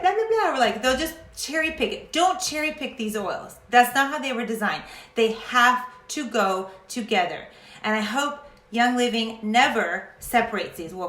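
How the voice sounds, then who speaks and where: Woman vlogger, fairly high, sharp-edged voice, chatty and fired up, in a roomy space. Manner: chatty and passionate, ranting at times. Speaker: essential oils educator. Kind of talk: casual vlog talk to camera.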